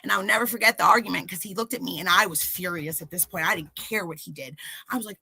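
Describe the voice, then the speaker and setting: Bright-voiced woman telling her story. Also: fairly low pitch, fast talker, vocal fry, husky, dry recording, low-quality recording. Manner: animated, acts out quoted voices. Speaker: podcast guest. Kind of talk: candid personal storytelling.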